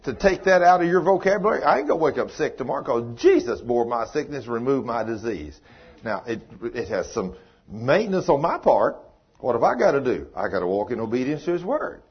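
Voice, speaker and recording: Older husky-voiced preacher, folksy and emphatic. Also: male voice, mid-range voice, big pitch swings, fairly quick. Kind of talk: sermon. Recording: dull, muffled lo-fi recording.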